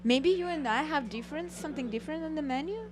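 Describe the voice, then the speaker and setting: A woman's voice: high voice, quick pace. Hesitant woman co-hosting a trading stream. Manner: hesitant, many fillers. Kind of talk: casual live-stream chat.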